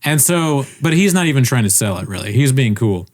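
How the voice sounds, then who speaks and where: Brief: male podcast co-host, mid-pitched, animated storyteller who swears and laughs a lot. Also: fairly quick. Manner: animated storytelling, acts out quoted people; swears casually, laughs often. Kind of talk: casual chat.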